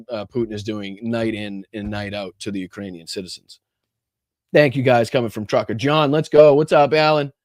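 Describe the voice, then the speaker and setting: A man's voice: medium pitch, no room sound, clean studio sound. A man hosting a casual political livestream, talking with lots of ums and uhs and greeting viewers in the chat by name. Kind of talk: casual live-stream commentary.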